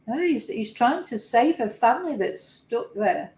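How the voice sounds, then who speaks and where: A woman's voice: on the high side, lively intonation, measured pace, a little mellow, roomy sound, low-quality recording. A woman commenting live to her viewers on video clips, emotional and exclaiming as she talks. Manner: emotional, exclaiming, tearful at moments. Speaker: YouTuber reacting to videos.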